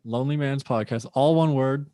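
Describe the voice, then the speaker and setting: A man's voice: mid-range voice, normal speed, mellow, dry recording, clean studio sound. A young man, a comedian guest, casually telling a loose, profane story and acting out what people said.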